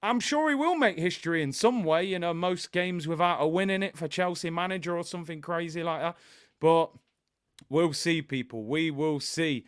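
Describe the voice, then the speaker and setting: Man, London accent, live stream host, animated and chatty, a bit high-pitched, dry close sound. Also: moderate pace, smooth, no room sound. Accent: London English. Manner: animated, chatty, reads viewer comments aloud. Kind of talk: casual live watch-along chat.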